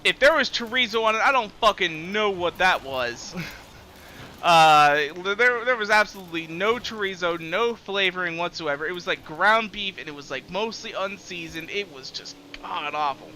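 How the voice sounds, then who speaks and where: A man's voice: high-pitched, moderate pace, pushed and bright, a little hiss or hum. A young man live-streaming a game, chatting casually in a rambling, profane way and chuckling often.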